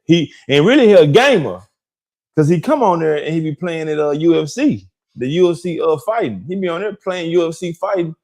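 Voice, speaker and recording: A man's voice: a little high, expressive, fairly quick, a little mellow. A man with a Detroit accent co-hosting a casual gossip talk, drawling and laughing often. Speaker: gossip show co-host.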